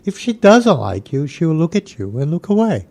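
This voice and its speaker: Man, Brazilian accent, lively storyteller, laughs a lot, swears casually. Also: a little high, normal speed, vocal fry. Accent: Brazilian Portuguese. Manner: animated, laughs often, swears freely. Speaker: podcast guest, jiu-jitsu coach.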